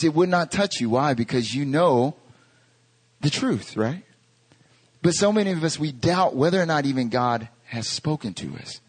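A pastor in his thirties, from North Carolina, preaching a sermon. He tells stories with animation and stacks up rhetorical questions. His speaking voice sits a little high for a man. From North Carolina, USA.

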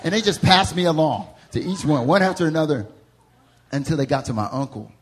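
Young Southern man preaching, husky slightly high voice, animated storyteller in a church service. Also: a little fast. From American South. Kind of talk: storytelling sermon. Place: church service before a congregation.

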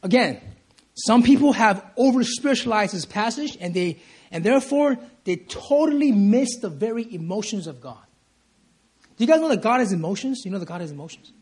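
A man preaching a church sermon in a high, husky voice. He presses his points hard, repeats them, and keeps calling for "amen". His phrases often break and restart as his feeling rises. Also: expressive, brisk, a little mellow. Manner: emphatic, repeats lines and asks "Amen?" for response. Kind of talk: sermon at a prayer meeting. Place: church service.

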